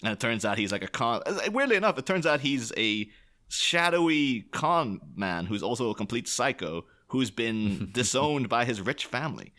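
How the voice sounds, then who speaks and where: Male podcast host, casual movie chat, crisp forward tone, laughs as he rambles. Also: mid-range voice, normal speed. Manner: rambling, chuckling often, animated.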